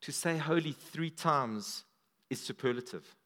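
A man preaching a sermon at a church service, animated, his voice swinging up and down for emphasis. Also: a little slow. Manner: animated, rises and drops in pitch and volume for emphasis.

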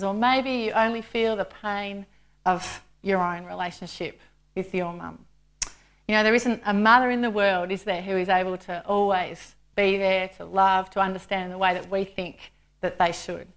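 A woman's voice: mid-range voice, fairly bright tone. Woman preacher, chatty sermon voice, full of rhetorical questions. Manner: conversational, with rhetorical tag questions.

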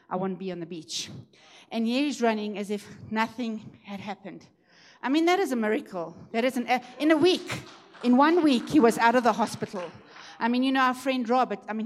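A woman delivers a sermon testimony. She tells the story in a lively, conversational way. At the key moments she rises and turns emphatic. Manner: lively storytelling, rising and emphatic at high points. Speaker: preacher sharing a testimony.

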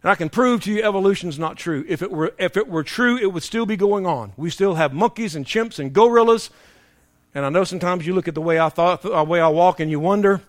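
A man preaching a sermon, emphatic and humorous, swinging between shouting and hushed tones as he tells stories. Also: high voice, brisk, no room sound. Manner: storytelling with humor.

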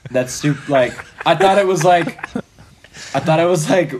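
A man's voice: fairly high pitch, moderate pace, a little hiss or hum. A man telling a story as a podcast guest in casual, rambling speech full of fillers, often laughing.

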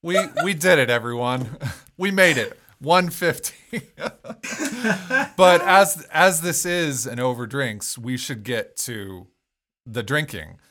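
A man's voice: mid-range voice, expressive, slow, sharp tone. A man hosting a casual podcast chat, laughing and joking with his co-hosts. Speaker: podcast host.

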